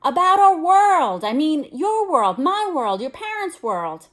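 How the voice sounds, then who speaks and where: A woman voicing a huge, gruff, quick-tempered giant man in a storybook read-aloud, with a rough regional accent and clipped words. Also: lively intonation, natural voice. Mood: booming. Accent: attempted West Country English. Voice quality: loud, booming, dropped word endings.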